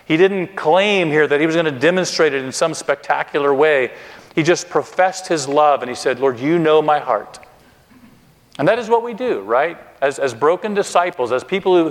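A man preaching a sermon, earnest and expressive, slowing down and speeding up for emphasis. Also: fairly high pitch. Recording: long reverb of a hall.

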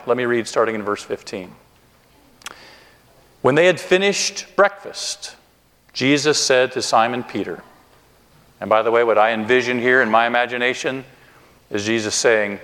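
A man preaching a sermon, earnest and expressive, slowing down and speeding up for emphasis. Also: medium pitch. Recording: long reverb of a hall.

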